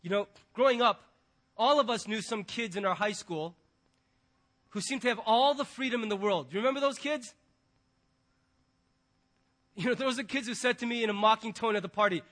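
Bright, high-voiced male pastor preaching. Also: fairly quick, pauses often. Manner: animated storytelling, acting out quoted voices. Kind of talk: sermon.

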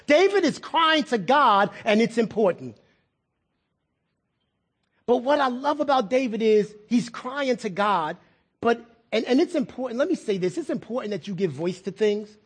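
High raspy guy preaching, talks to the crowd, asks them stuff, repeats himself. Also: very animated, moderate pace. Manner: conversational preaching with repeated words and rhetorical questions. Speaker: pastor. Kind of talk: sermon.

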